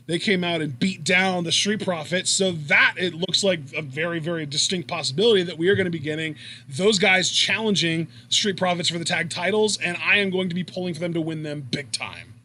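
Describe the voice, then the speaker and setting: A man's voice: high-pitched, fairly quick, bright, forceful tone, slight background noise. A young man co-hosting a casual wrestling chat, talking at length and laughing easily. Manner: chatty, rambling, laughs easily. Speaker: co-host.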